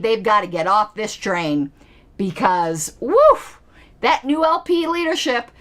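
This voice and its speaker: Woman, political commentary vlog, sarcastic, mocking questions, lively swooping pitch. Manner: animated, with sudden pitch jumps.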